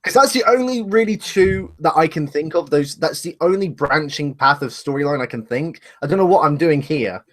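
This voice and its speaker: A man's voice: a little high, moderate pace, few pauses, a bit bright. A man co-hosting a casual live discussion show, rambling and speculating, laughing at himself, talking over a webcam. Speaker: podcast co-host.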